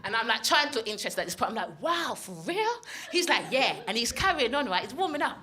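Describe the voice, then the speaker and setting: A woman with a London accent doing a stand-up comedy set. She is playful and chatty, keeps checking in with the crowd, and has a slightly husky voice. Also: a little high, very animated, fast, bright, forceful tone. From North West London. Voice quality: husky from smoking.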